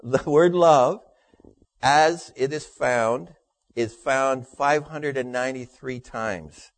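A man delivering a sermon at a middle pitch. He tells jokes in a dry storytelling way and lets his voice sink low and quiet for each punchline. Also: slow pace, no room sound. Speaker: pastor.

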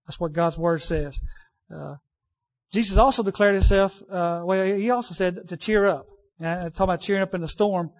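Preacher guy with a pretty high voice, chatty sermon, keeps repeating lines for emphasis. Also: normal speed. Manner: conversational, repeats key phrases for emphasis; frequent restarts, folksy asides to the congregation.

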